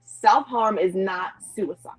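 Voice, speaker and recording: A woman's voice: mid-range voice, slow, slightly rough. A woman guest author on a panel giving brief, matter-of-fact answers. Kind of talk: panel discussion. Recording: muffled lo-fi stream audio.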